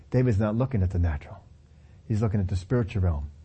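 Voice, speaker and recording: A man's voice: fairly low pitch, lively intonation, fast talker, dark tone, breathy edge. A middle-aged male pastor preaching a sermon, telling the story animatedly with acted-out quotes and chuckles.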